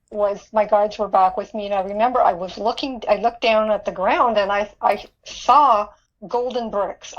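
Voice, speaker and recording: On an interview podcast, a woman guest earnestly recounts something that happened to her, repeating words often and laughing. Her voice is medium in pitch, and the sound is lo-fi.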